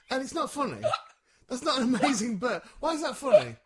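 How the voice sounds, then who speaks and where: A man's voice: very high voice, wildly swooping pitch, normal speed, husky. Guy cohosting a comedy podcast, exasperated and bickering, voice swings up and down a lot, keeps cracking up. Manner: exasperated, bickering, breaks into laughter. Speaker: podcast co-host. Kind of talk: casual comedic chat.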